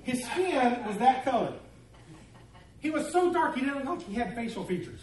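High-voiced pastor in an echoey room. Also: male voice, moderate pace. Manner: storytelling, humorous, animated. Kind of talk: sermon. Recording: echoey room, distant mic, faint noise.

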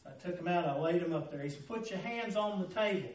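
Laughing through a folksy personal tale, a Southern American pastor in middle age speaks fast in a high voice during his sermon. The audio sounds echoey, as if captured from far off.

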